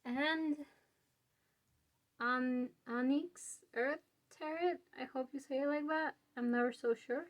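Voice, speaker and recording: A woman's voice: high-pitched, slow pace. A young woman giving a casual tarot reading to her viewers, chatty and informal with many fillers. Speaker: tarot reader.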